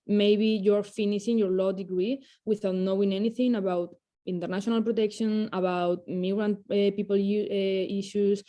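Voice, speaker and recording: A woman's voice: medium pitch, flat delivery, moderate pace, mellow. A woman from Spain, speaking about law studies in a panel discussion over a video call. She searches for words and uses many fillers. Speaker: law clinic participant.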